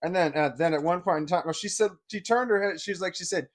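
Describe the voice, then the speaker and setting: A man's voice: high voice, fast talker. A man telling a personal story in a casual, rambling way, full of fillers and repeating himself.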